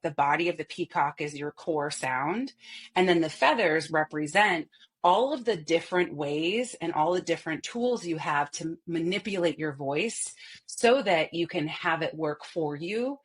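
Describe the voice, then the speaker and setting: A woman voice coach and company head explaining her work in an interview, animated and clear. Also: low-pitched. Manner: animated, explains with vocal demonstrations.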